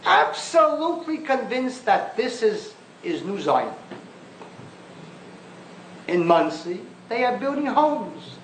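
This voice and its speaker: Male rabbi, high lively voice, emphatic and scornful, lecturing in a roomy hall; old archival lecture recording. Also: measured pace, slight background noise. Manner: emphatic, mocking, rhetorical questions. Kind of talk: impassioned public lecture.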